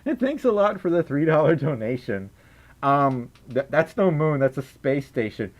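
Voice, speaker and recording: A man's voice: fairly high pitch, sing-song, moderate pace, dull audio. A man with a slightly raised voice chats his way through a late-night livestream. He sounds tired, rambles, and keeps breaking into giggles as he thanks viewers for donations. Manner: giggly, rambling, laughs often. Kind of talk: casual livestream chat.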